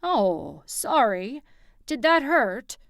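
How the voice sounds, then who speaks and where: A woman's voice: mid-range voice, slow, a bit bright, clean tone, no echo, clean studio sound. A woman voicing a cocky, macho man who barks orders and taunts his brother as his gym trainer, in an audiobook. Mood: taunting. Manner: barking, taunting commands.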